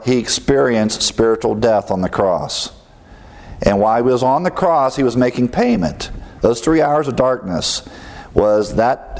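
A man's voice: on the low side, darkish tone. Man teaching scripture with rhetorical questions. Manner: asks rhetorical questions and answers them himself; explains Greek words, with filler pauses. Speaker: preacher. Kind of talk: expository Bible teaching.

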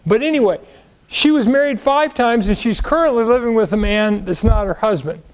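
A man's voice: sits high, normal speed, low-quality recording. A man teaching the Bible verse by verse, asking questions and answering them, leaning on key words.

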